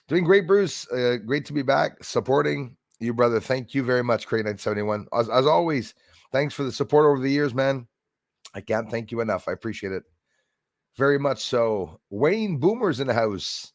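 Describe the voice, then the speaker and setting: A man's voice: medium pitch, expressive, normal speed, no echo, clean studio sound. A man hosting a casual live stream, greeting viewers by name and rambling with jokey asides. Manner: rambling with many fillers and restarts.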